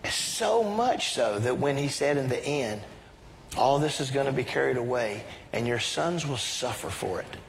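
Middle-aged pastor preaching in a reverberant hall. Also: male voice, medium pitch, creaky, a little hiss or hum. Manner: leads the congregation in call-and-response, rising to excited exclamations. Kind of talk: sermon. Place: church sanctuary. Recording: reverberant church hall with faint ambience.

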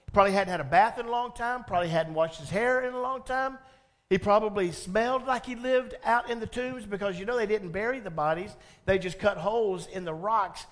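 High-voiced man as pastor, lively storytelling sermon with questions to the congregation.

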